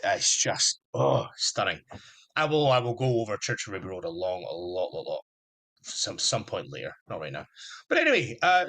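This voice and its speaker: A young man hosting his own podcast alone, chatting casually. His voice sits at an ordinary middle pitch, and he rambles along with an eager fan's enthusiasm. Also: sharp tone. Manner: enthusiastic, rambling fan talk. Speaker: podcast host. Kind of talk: casual solo podcast chat.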